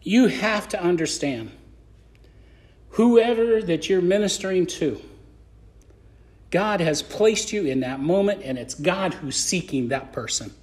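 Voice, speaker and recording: A man preaching a conversational sermon on a podcast, acting out scripture scenes in voices. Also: sits high.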